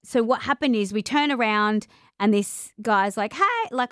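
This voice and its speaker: A young adult woman hosting a casual conversation, animated and acting out the voices of people in her stories. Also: mid-range voice, moderate pace, no room sound, clean studio sound. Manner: animated, acts out quoted voices. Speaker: podcast host.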